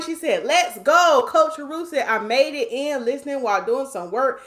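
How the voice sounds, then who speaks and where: A chatty woman from North Carolina hosts a live stream, reading comments aloud and greeting viewers by name. Her voice sits a little above average pitch, and she is playful, often repeating her phrases. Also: expressive, moderate pace, few pauses, a bit bright. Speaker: hair stylist hosting a live stream.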